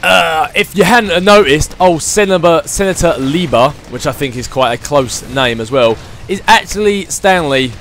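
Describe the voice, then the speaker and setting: Man, let's play commentary, chatty, excitable, thinking aloud, slightly high voice. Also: normal speed, hardly any pauses, soft background music. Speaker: gaming channel host.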